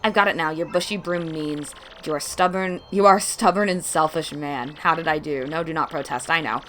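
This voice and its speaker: A woman's voice: deep voice, fairly even intonation, a little fast, a bit bright, slight background noise. A woman voicing a smug bomb creature in a video game who bluntly judges people by their mustaches. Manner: smug, declarative.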